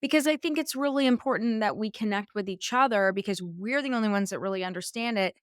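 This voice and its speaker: A woman hosts a podcast in a chatty, gushing way, filling her sentences with "like". Her voice sits at an ordinary pitch for a woman. The recording is dry and close, with no room sound. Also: quick pace, clean tone, dry recording. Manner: chatty, gushing, many "like" fillers. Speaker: podcast host. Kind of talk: conversational interview.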